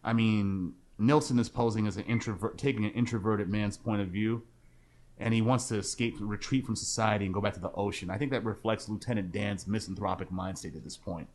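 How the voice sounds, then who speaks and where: A man co-hosting a casual podcast about film soundtracks, talking in an animated way and often jumping into loud, high-pitched quotes of movie lines. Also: fairly quick. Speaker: podcast co-host.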